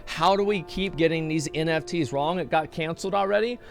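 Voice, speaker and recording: A man's voice: a little high, brisk, creaky, soft background music. A man streaming casually, reacting to a video with exasperated rants and many restarts. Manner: exasperated, ranting, lots of restarts.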